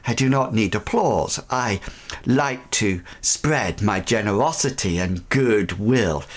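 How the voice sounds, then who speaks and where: Smug scheming noble, low and slow, gm putting on the voice. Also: male voice, expressive.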